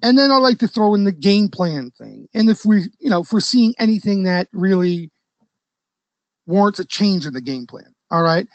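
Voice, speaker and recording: A man's voice: high-pitched, big pitch swings, moderate pace, no room sound, muffled recording. A man hosting a casual trading session for a live audience, talking loosely with trader slang and often checking in with "okay?". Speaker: stock trading educator and host.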